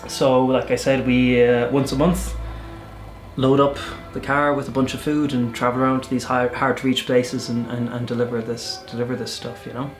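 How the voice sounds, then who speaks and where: A man's voice: mid-range voice, normal speed. Irish guy vlogging, chatty storyteller, echoey room with a bit of music behind. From Ireland. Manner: chatty, animated storyteller with self-corrections. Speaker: volunteer vlogger. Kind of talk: casual storytelling vlog.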